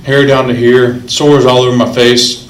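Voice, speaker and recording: A man's voice: medium pitch, level tone, moderate pace, a little hiss or hum. A man speaking earnestly and emotionally as a recovery meeting speaker, repeating phrases for emphasis. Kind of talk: personal recovery story told to a meeting. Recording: echoey room.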